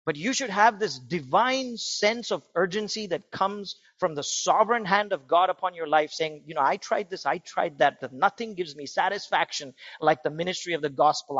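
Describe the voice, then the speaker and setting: A man preaching a sermon in an earnest way that builds to excited emphasis. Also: fairly high pitch, no echo, highs cut off. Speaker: pastor.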